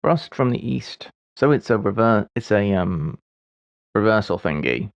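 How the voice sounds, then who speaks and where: A man in his forties solves puzzles on a live stream, thinking aloud in half-finished mutters and chuckling at his own slip-ups. His lowish voice is clear and resonant, with lively intonation and a measured pace. The recording is dry.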